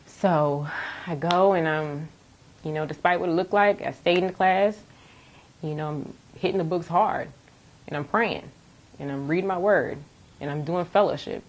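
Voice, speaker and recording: Low-voiced woman telling her testimony. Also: moderate pace. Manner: candid, animated storytelling with laughs. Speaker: nursing student. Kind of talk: personal testimony.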